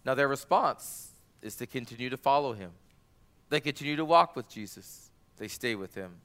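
Guy preaching a sermon, super clear voice, gets loud and fired up on the quotes. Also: medium pitch, moderate pace. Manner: animated, rises loud for quoted cries. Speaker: pastor.

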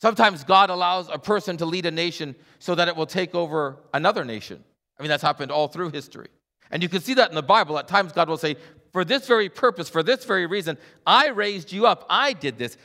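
A middle-aged man preaching a sermon as a pastor, animated and acting out voices in his stories. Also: high voice, quick pace. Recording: long hall reverb.

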